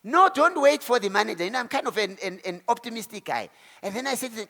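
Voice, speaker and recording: A South African man in his forties giving an animated motivational talk to a live audience, telling his story and acting out the voices of the people in it. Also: extremely high pitch, fairly quick. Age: 40s. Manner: animated storyteller who acts out quotes and exclamations. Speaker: keynote speaker. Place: event hall. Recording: hall reverb.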